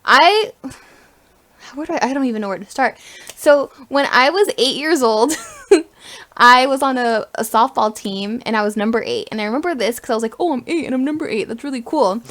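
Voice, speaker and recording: A young adult woman co-hosting a podcast, chatting casually and telling a lively story with bursts of laughter. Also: fairly high pitch, normal speed. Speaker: podcast co-host.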